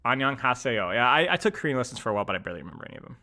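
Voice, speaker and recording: A young male streamer with a bright, forward voice chats casually as he sounds out words. His pitch jumps around a lot, and he keeps breaking into mock-outraged shouts. It is loose, animated talk rather than a script. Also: rapid-fire. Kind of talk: casual pronunciation chat.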